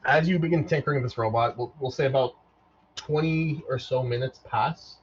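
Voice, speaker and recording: A man narrating as the game master of a tabletop game, relaxed and loose, often repeating words as he goes. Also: medium pitch, brisk, a little hiss or hum. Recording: dull lo-fi mic.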